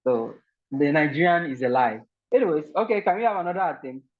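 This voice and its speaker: Male video-call host, polite and hesitant, slightly high voice, muffled audio. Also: animated, fairly quick. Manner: polite, repeats words, many fillers. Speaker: online session host. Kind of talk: casual video call game hosting.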